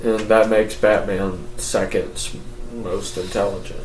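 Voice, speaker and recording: A man co-hosting a comic book podcast who weighs the arguments in a measured way. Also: on the low side, little pitch movement, faint music behind. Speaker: podcast co-host. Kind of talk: casual comic book review chat. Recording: distant mic in echoey room.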